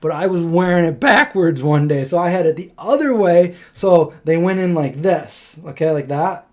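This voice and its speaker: A man's voice: a little high, normal speed. A man, hosting a live stream and telling a rambling story, laughing as he goes. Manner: rambling and animated, laughing through his stories.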